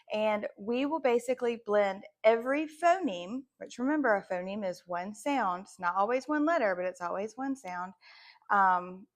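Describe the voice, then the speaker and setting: A woman teacher talks parents through a phonics lesson at a mid pitch. She is patient and explains each step, stopping to sound out every phoneme slowly and clearly. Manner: slow, sound-by-sound modeling of phonemes. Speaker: second-grade teacher.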